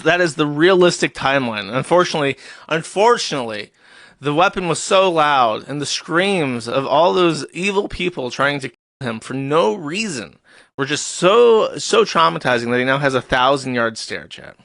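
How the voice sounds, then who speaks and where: Sarcastic male streamer, bright dry voice. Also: fairly high pitch, expressive, normal speed, vocal fry, no room sound. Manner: sarcastic, profane, reading posts aloud in a mock-serious tone. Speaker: streamer host. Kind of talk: mocking live-stream commentary.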